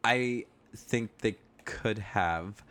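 A man's voice: on the low side, drawn-out words, bright, forceful tone. A man hosting a casual podcast chat, playfully prodding his guests with questions. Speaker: podcast host.

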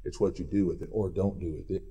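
A male pastor preaching a sermon in a church, swinging between loud urging and quiet intensity. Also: sits low, steady tone, fast talker, breathy edge.

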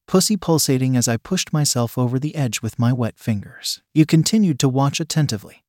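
A man with a mid-range voice narrates a scripted erotic story, slow, even and intimate. The recording is dry and close-miked, with no room echo. His pitch sits at an ordinary middle level.

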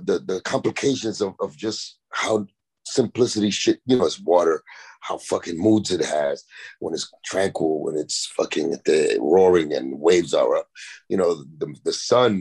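A man's voice: low-pitched, gravelly, husky. A man, a rapper and podcast guest, telling rambling, profane stories in a casual chat. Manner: rambling, profane, animated anecdotes.

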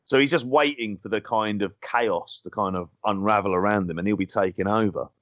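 A man's voice: on the low side, a little fast, no room sound, muffled recording. A man, chatting as a podcast co-host, rambling and swearing through his banter. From London. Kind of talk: casual chat.

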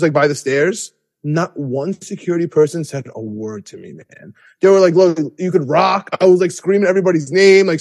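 A young man hosting a podcast, telling an excited, rambling story with many restarts. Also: a little high. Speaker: podcast host. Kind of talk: excited casual recap.

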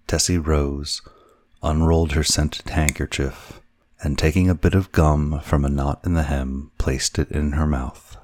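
A man narrating a classic story in a measured, even reading. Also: extremely low pitch. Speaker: audiobook narrator.

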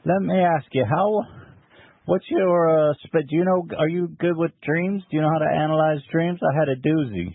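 A man's voice: a little high, steady tone, no room sound. A man playing a bashful sixty-five-year-old caller. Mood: eager. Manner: halting, sheepish, full of fillers. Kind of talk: prank call to a psychic line. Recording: dry tinny phone line.

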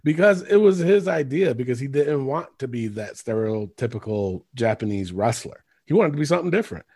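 A man's voice: medium pitch, lively intonation, brisk, dark tone, slightly rough. A man co-hosting a podcast in casual chat, rambling and swearing freely, often laughing. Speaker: podcast co-host.

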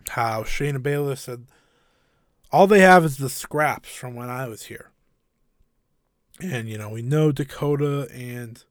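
A man's voice: medium pitch, darkish tone, no room sound, clean studio sound. A man giving a casual, enthusiastic and opinionated recap of a wrestling show, rambling a little with fillers.

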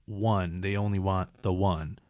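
A man's voice: low voice, fairly even intonation, a little slow, darkish tone, no room sound, clean studio sound. Profane, rambling man in his thirties. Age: 30s. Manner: rambling, profane, self-mocking. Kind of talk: casual chat.

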